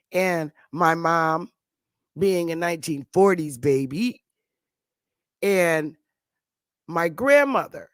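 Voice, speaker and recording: Slow-speaking woman in her fifties. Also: lowish voice, lively intonation, no echo. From northern United States. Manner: rambling, with frequent restarts and fillers. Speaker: YouTube commentator. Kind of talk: casual monologue.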